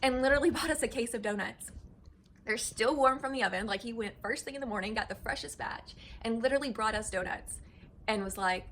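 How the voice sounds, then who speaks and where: A woman talking in a casual home vlog, close to tears and gushing with gratitude, with halting restarts. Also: on the high side, fairly bright tone, a little hiss or hum, low-quality recording. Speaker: vlogger and wife. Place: home kitchen.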